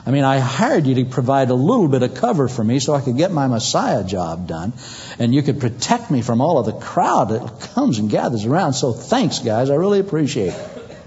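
A man playing a sarcastically grateful Messiah in a dry, low, soft voice. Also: big pitch swings, normal speed, in a large hall, muffled recording. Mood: sarcastic.

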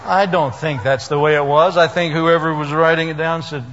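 A man's voice: a little high, fairly even intonation, normal speed, a bit bright, a little hiss or hum. A man preaching a sermon, telling the story with humor and acting out the people in it. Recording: dull lo-fi hall recording.

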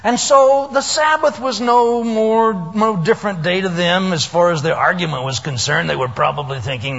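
A man's voice: on the high side, normal speed, creaky, hardly any pauses, a bit bright. A man preaching a sermon, telling the story with humor and acting out the people in it. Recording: dull lo-fi hall recording.

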